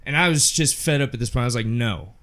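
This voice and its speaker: A young man telling a casual story on a podcast, animated and swearing freely, acting out the people in it. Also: medium pitch, rapid-fire. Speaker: podcast co-host.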